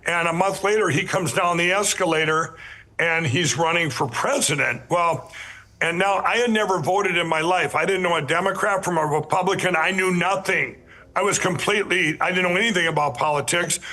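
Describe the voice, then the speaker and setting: A man's voice: high-pitched, normal speed, pushed and bright. A man telling his life story as a podcast guest, earnest and emphatic, rambling with many restarts and repeated words. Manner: earnest, emphatic storyteller who addresses listeners directly.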